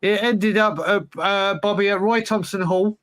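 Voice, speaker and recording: High bright-voiced guy rambling thru a story on a podcast, kinda wry. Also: fairly even intonation, moderate pace. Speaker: podcast co-host. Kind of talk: casual chat.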